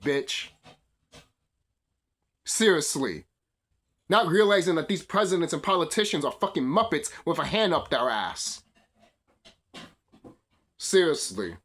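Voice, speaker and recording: A man's voice: on the high side, big pitch swings, a little slow, pauses often, a bit bright. A young man hosting his channel, delivering a heated, profane, rambling rant. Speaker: video channel host. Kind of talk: ranting commentary.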